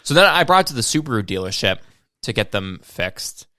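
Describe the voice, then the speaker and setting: A man's voice: on the low side, very animated, brisk, sharp tone, no echo, studio quality. Swearing young man telling a rant. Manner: swears a lot, tells stories with quoted voices. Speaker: podcast co-host. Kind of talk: casual chat.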